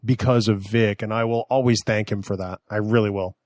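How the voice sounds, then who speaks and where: A man's voice: fairly low pitch, steady tone, fairly quick, darkish tone, no echo, studio quality. A man hosting a podcast, speaking earnestly in casual chat. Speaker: podcast host.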